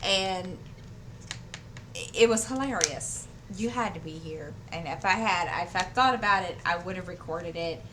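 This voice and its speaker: Woman, casual craft-channel chat, rambling, fillers, slightly low pitch, faint room noise. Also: a little slow. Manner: rambling storyteller with many fillers and restarts. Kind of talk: casual chat while diamond painting. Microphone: desk microphone.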